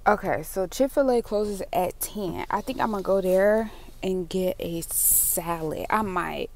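A young woman with a smooth, sleepy-sounding voice, chatting casually to viewers as a vlogger while running errands. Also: lowish voice, measured pace, a little mellow, slight background noise. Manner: chatty, addresses viewers as y'all and girl. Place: in a car and stores.

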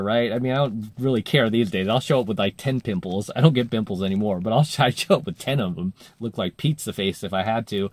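A man's voice: lowish voice, fairly quick, hardly any pauses, no echo. A man coaching dating, telling a story in a casual monologue, full of fillers, and acting out the voices he quotes.

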